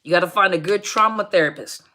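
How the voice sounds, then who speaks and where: A woman's voice: on the low side, fast, sharp tone. A middle-aged woman hosting a live question-and-answer stream, casually and cheerfully greeting viewers by name and laughing often. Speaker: host of a live Q&A on narcissistic abuse.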